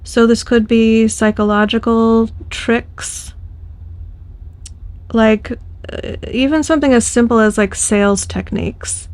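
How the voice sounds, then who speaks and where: A woman's voice: fairly high pitch, steady tone, slow, darkish tone, dry recording. Dry-sounding woman reading tarot casually. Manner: thoughtful, loose delivery with frequent fillers and restarts. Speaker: tarot reader.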